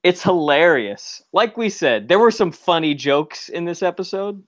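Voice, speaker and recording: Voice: medium pitch, expressive, normal speed, no echo. A podcast co-host chattily retelling an episode in casual chat, rambling with filler words.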